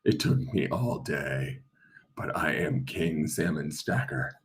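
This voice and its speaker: A man doing a low, quiet voice for a smug salmon proud of his work. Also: lively intonation, takes it slowly, full character voice. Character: smug self-satisfied male salmon.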